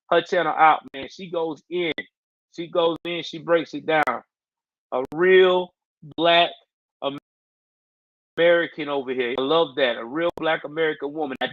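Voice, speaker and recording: A man's voice: a little high, fairly bright tone, dry recording, lo-fi sound. A man hosting a casual livestream, talking in loose slang and answering his viewers' chat. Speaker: livestream host.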